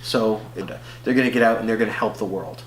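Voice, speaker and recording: With a low-leaning voice and a quick pace, this man co-hosts a casual movie review podcast over a loud crowd. He rambles, using lots of fillers and restarts, and the recording has a roomy echo and faint hum.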